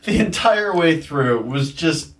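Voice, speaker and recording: A man's voice: fairly high pitch, lively intonation, slow, far from the mic. A married man co-hosting a casual movie review chat, chatty and nitpicky about plot details. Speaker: podcast co-host.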